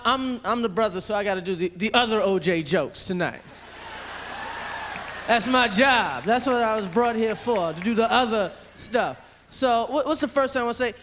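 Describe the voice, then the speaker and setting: Male comic, very high voice, bright and punchy, crowd murmuring. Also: a little hiss or hum. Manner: brash, profane, emphatic. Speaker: stand-up comedian. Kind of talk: stand-up comedy. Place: large theater stage. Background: audience laughter.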